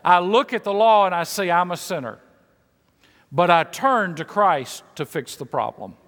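A man's voice: high-pitched, animated, moderate pace, a bit bright, in a large hall. A man pastor preaching a sermon with an emphatic, repetitive cadence.

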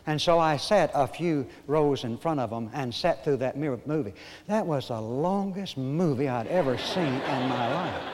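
An older man preaching a sermon, moving between folksy storytelling and emphatic, slow points with dramatic pauses. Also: mid-range voice, darkish tone, in a large hall, a little hiss or hum. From Arkansas, USA. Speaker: pastor.

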